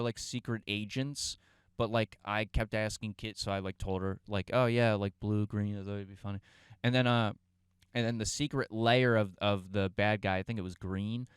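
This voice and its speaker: A man's voice: fairly low pitch, clean tone, no echo, clean studio sound. A man in his thirties telling a comic story on a podcast, profane and rambling, with many restarts, acting out the lines he quotes. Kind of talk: casual comic anecdote.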